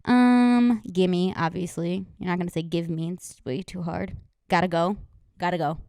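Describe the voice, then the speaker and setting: A woman's voice: lowish voice, steady tone, normal speed, warm tone, no room sound, studio quality. A woman co-hosting a podcast in casual chat, laughing often and quoting people in playful voices. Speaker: podcast co-host.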